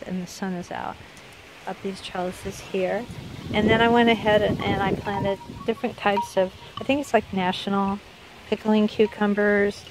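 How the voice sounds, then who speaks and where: A mid-range female voice, carrying a little hiss or hum, belongs to a middle-aged vlogger touring her garden outdoors. Sick and hiccuping, she chats in a rambling way and keeps revising what she says.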